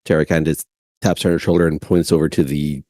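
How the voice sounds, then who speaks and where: Man, tabletop player, deep voice, dry sound. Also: little pitch movement, fast, dark tone, no room sound. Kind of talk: tabletop game play.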